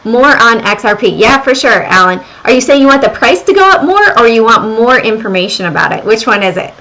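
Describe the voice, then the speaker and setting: In a brisk, sing-song voice on the high side, a middle-aged Southern-accented woman talks stocks and crypto on a casual home livestream. The audio is poor, and the room she's in is mid-renovation. She chats with viewers, reading their comments aloud and thinking out loud.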